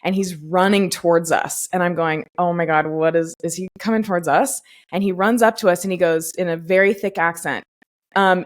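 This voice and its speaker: A woman's voice: fairly low pitch, fairly even intonation, normal speed. A woman hosting a podcast, telling stories in a chatty way, full of fillers. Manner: chatty storyteller, many fillers. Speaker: podcast host. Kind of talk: casual podcast chat.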